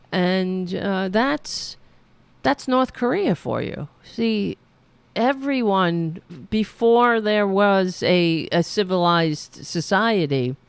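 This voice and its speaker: A woman's voice: fairly low pitch, clean tone, no room sound. A woman hosting a political livestream, rambling casually with many fillers while losing her voice. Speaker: host of a political livestream show.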